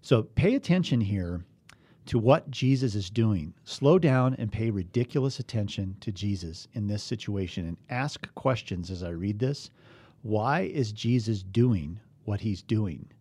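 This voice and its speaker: A man's voice: lowish voice, animated, unhurried, mellow, breathy edge, no room sound. A man teaching a bible study, reading scripture aloud and asking his listeners earnest, emphatic questions.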